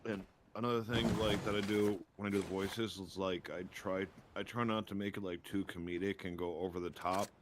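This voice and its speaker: A man's voice: sits low, fairly even intonation, brisk, few pauses, noisy background. A man talking casually on a stream as a guest, rambling and laughing a lot as he explains things.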